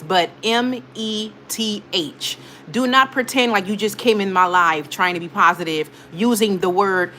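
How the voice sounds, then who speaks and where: A woman's voice: mid-range voice, a bit bright, slight background noise. Emphatic scolding woman live-streaming. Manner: emphatic, scolding, repeats herself for effect. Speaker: livestream host. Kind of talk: casual live-stream chat, reading viewer comments.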